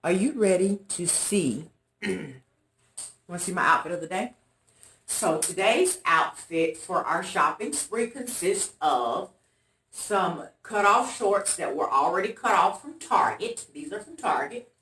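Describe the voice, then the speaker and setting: Lively, bright-voiced woman telling a story. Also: on the low side, takes it slowly. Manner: animated, dramatic retelling with loud quoted voices. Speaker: vlogger. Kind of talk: casual storytelling to viewers. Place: room in an apartment. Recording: echoey room, voice off-mic.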